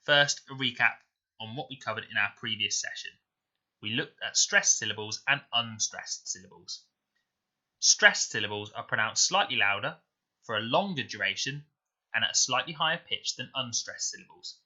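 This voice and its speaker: Male teacher, crisp bright voice, deliberate spelling lesson, lo-fi dull recording. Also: medium pitch. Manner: slow, clear, sounding out words deliberately. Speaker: primary school teacher.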